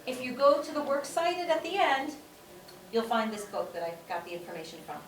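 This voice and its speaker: A woman's voice: sits high, a little fast. A woman teaching a class, repeating her points for emphasis and often checking in with "okay?". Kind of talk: classroom lecture. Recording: echoey room, distant mic, faint room noise.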